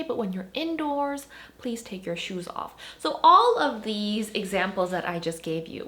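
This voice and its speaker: A woman teaching a language grammar lesson, explaining points with animated emphasis. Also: medium pitch.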